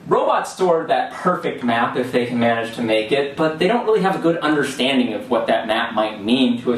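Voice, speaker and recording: A young man with a mid-range voice gives a loose, step-by-step class presentation in a lecture hall, full of fillers and restarts. It's recorded at a distance in an echoey room, with a little hiss or hum.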